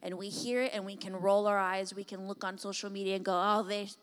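A woman's voice: mid-range voice, completely flat delivery, fast. Impassioned woman preacher. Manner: builds to impassioned shouting, then drops to soft pleading. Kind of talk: sermon with altar call.

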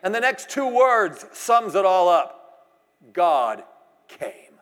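Middle-aged man, preacher, high voice, animated sermon storyteller with big loud-soft swings, long hall reverb. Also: takes it slowly. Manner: animated storytelling, swings between loud exclamations and hushed asides.

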